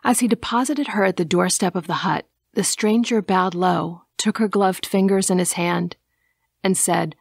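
A woman narrating an audiobook in a measured, even reading, dropping to a hush at times. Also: fairly low pitch, gravelly, breathy edge, no room sound, clean studio sound.

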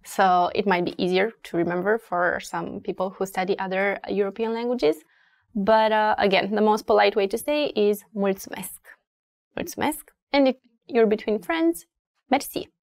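A woman's voice: medium pitch, no echo. A woman with a Romanian accent, a native Romanian speaker, teaching a beginner language lesson in a patient, repetitive way. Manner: slow and patient, repeating words clearly with fillers.

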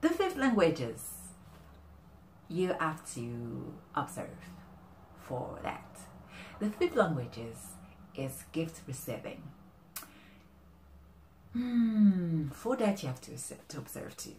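A woman talking casually to camera with relationship advice, animated and halting, often restarting her sentences. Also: deep voice, reverberant, a little hiss or hum. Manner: animated, often acting out quoted exchanges. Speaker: vlogger giving relationship advice.

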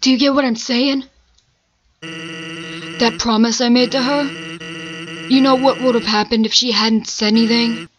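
A woman's voice: a little high, unhurried, pauses often. A woman voicing a laid-back, joking male skeleton sentry as she reads game dialogue aloud. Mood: sly.

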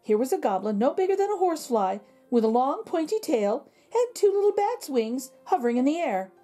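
A woman reading a children's picture book aloud in a slow, expressive storytelling manner. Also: high voice, soft background music.

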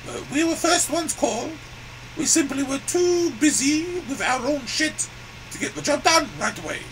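A man's voice: very high voice, fairly bright tone, slight background noise, exaggerated voice, rough recording. A man voicing a crude, boastful, grumpy male elephant puppet that cries "ooh" and rants with profanity. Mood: indignant. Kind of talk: puppet comedy sketch.

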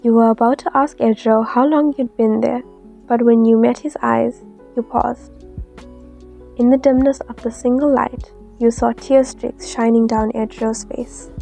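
A woman narrating a fanfiction story in a soft, steady storytelling manner. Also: fairly high pitch, unhurried, vocal fry. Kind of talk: fanfiction reading. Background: faint lofi music.

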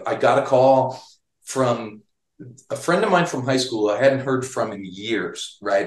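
A man's voice: medium pitch, roomy sound. Chatty male guest telling a story. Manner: chatty storyteller with many restarts. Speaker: guest, guitar magazine writer. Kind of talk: storytelling interview.

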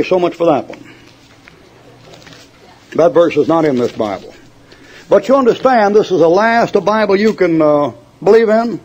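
On a dull, lo-fi sermon recording, an older man with a high, somewhat mellow voice preaches fiery and folksy to his church congregation. He ridicules his opponents and laughs at the joke stories he tells.

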